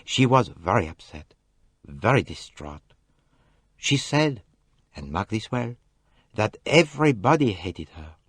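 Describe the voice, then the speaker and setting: A man reading an audiobook, voicing a fastidious older detective who speaks earnestly and formally. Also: lowish voice, very animated, a bit bright, slightly rough, no echo, voice pushed up, exaggerated voice. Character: fastidious older male detective, calm and probing. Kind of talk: audiobook character voice.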